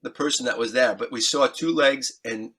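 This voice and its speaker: A man being interviewed as a musician, telling an animated, excitable anecdote, acting out scenes and swearing freely. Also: medium pitch, moderate pace, slight background noise. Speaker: guest musician.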